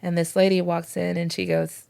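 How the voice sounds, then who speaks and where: A middle-aged woman with a gravelly edge co-hosts a faith podcast. She tells stories in a casual way and acts out each exchange with lively voices. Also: fairly low pitch, normal speed. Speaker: podcast co-host, former pastor's wife.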